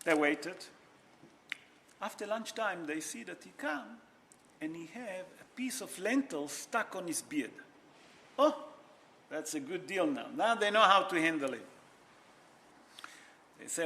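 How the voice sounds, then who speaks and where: A man teaching an informal class as a rabbi, telling a story in an animated way. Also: high voice, a little slow, gravelly, pauses often, slight background noise. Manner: animated, mixes Hebrew and Yiddish terms, non-native grammar.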